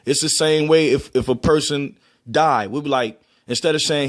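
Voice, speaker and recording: A man's voice: a little high, moderate pace. Chatty Baltimore man explaining pronunciations. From Baltimore, USA. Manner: chatty, demonstrates pronunciations, loose restarts. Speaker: vlogger. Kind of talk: casual explanatory monologue.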